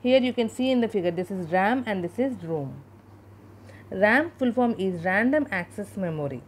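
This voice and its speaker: A woman's voice: medium pitch, expressive, normal speed, slight background noise. A woman teacher giving a school computer science lesson over slides, explaining terms one by one and spelling out abbreviations. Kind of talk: classroom lecture over slides.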